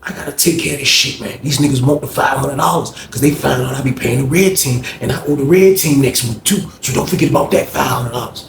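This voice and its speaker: A man's voice: fast talker, gravelly, few pauses, reverberant, a little hiss or hum, natural voice. A man doing a pleading indebted inmate. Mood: worried. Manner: pleading, low and mumbled. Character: desperate male inmate in debt.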